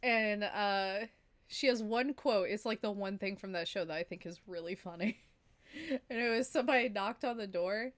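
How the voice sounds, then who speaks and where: A woman's voice: medium pitch, normal speed. A woman streaming a story game live, chatting casually and laughing often between her remarks.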